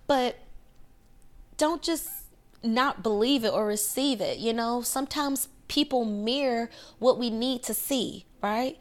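A woman hosting a podcast, giving casual astrology advice in a lively way, often checking in with "right?" and "okay?". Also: a little high, unhurried. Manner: animated, acts out quoted voices, frequent "right?" and "okay?". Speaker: podcast host.

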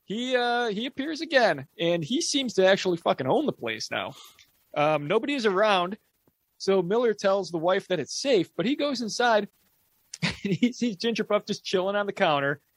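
A man co-hosting a podcast, recapping a horror movie plot in a relaxed, profane storytelling way. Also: high voice, moderate pace, no room sound. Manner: relaxed storytelling, swears casually. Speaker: podcast co-host. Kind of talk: casual movie recap chat.

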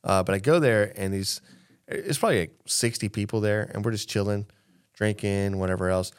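A man's voice: on the low side, moderate pace, clear, resonant tone. A man co-hosting a casual podcast, telling a story with profanity and acting out the people in it. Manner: animated storyteller, profane, acts out quotes. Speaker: podcast co-host.

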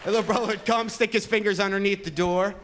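A man doing stand-up comedy, telling stories with animated shouted bits. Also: high-pitched, fast talker, crowd noise. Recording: club recording with audible room noise.

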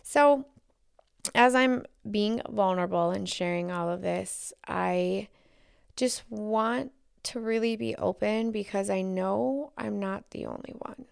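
A woman hosting a solo podcast, talking candidly and haltingly, often dropping to a near whisper. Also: mid-range voice, no echo, studio quality. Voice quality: gravelly fry. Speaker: podcast host.

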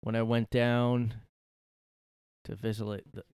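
A man's voice: on the low side, flat delivery, takes it slowly, a little mellow, clear, resonant tone, dry recording, studio quality. A man hosting a solo podcast from his room, ranting sarcastically and swearing a lot. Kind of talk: casual ranting monologue.

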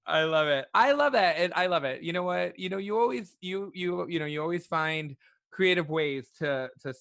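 Man, podcast host, chatty, stammering restarts, bright tone, dry sound. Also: sits high, animated, moderate pace, vocal fry, no echo. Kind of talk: casual interview chat.

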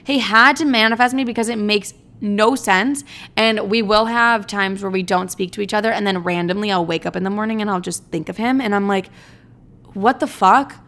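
A woman's voice: medium pitch, fairly quick. A young woman vlogger telling a story in a casual, dramatic way, swearing freely and joking at her own expense. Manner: animated, dramatic, swears freely, mocks herself.

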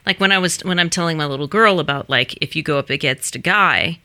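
Brief: woman, very bright and sharp voice, halting and unsure, leaning on "like". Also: low voice. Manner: hesitant, halting, lots of "like". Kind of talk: casual chat.

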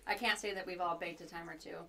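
A woman's voice: on the low side, steady tone, quick pace, creaky, a bit bright. A woman co-hosting a casual coffee tasting, chatting about her baking and laughing easily. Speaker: co-host at a coffee company, baker. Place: indoor room, with a remote guest joining.

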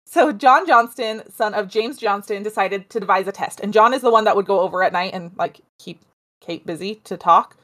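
A woman's voice: mid-range voice, fairly quick. A woman co-hosting a podcast, casually retelling a ghost legend with chatty asides. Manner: chatty, animated, with asides and laughs. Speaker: podcast co-host telling a story. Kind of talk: casual storytelling chat.

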